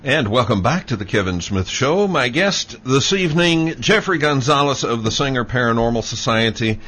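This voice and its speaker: A man hosting a talk show, measured and steering, with fillers as he talks. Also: mid-range voice, expressive, pushed and bright. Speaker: show host.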